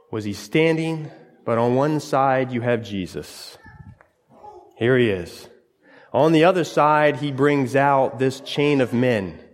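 A man preaching a sermon, telling a scripture story dramatically in short, broken phrases. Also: mid-range voice. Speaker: pastor. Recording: long hall reverb.

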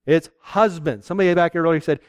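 A man from Pennsylvania preaching a folksy, animated sermon and asking his listeners questions. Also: a little high, fast, smooth, no room sound, clean studio sound.

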